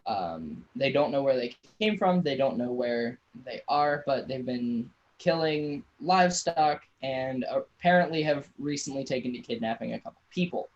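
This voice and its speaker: A man's voice: mid-range voice, lively intonation, normal speed, hardly any pauses, a little mellow, lo-fi sound, a little hiss or hum, close to an everyday voice. A man voicing a weary, brusque woman official in a tabletop game, dry and curt. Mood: businesslike.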